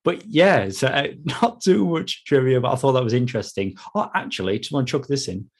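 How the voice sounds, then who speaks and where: A man's voice: mid-range voice, lively intonation, brisk, slightly rough. A man, co-hosting a casual film review podcast, chatty and laughing between phrases. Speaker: podcast co-host.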